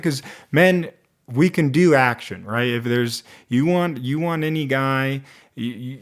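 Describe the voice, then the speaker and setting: A man gives a casual, unscripted review of a movie. He rambles and keeps restarting his sentences. His voice has a medium pitch and gets animated. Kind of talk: casual one-take commentary.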